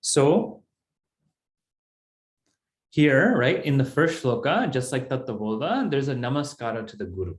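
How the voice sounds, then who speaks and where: A man's voice: medium pitch, very animated, a little slow, long pauses, reverberant. A man teaching a Sanskrit text in an online class, explaining step by step in a patient way.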